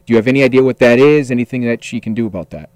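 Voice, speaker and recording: A man's voice: mid-range voice, very fast, darkish tone, no echo. Casting: upbeat man hosting a radio call-in, mid-range voice, dry close studio mic. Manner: upbeat, announces texts and station plugs. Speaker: radio host.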